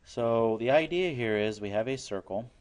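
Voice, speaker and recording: A man's voice: mid-range voice, normal speed, darkish tone. A man teaching a recorded math lesson, explaining each step plainly and working problems aloud.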